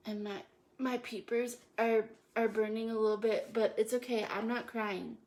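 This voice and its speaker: A woman's voice: on the high side, fairly even intonation, normal speed, a little mellow, rough recording. A woman hosting a casual live cooking show from her home kitchen, joking playfully and punning while she chops. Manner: playful, jokey, self-praising with puns. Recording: kitchen noise with chopping and clicks.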